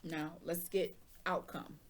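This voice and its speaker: A woman's voice: low-pitched, level tone, slow pace, a little hiss or hum. A woman giving a casual tarot reading, sassy and chatty, talking straight to the viewer in loose slang and asking if they understand. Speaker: tarot reader.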